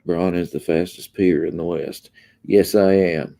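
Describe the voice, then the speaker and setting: A man's voice: sits low, steady tone, unhurried, mellow. A man hosting a casual livestream, reading viewer comments in a laid-back drawl that trails off with frequent ums. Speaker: livestream host.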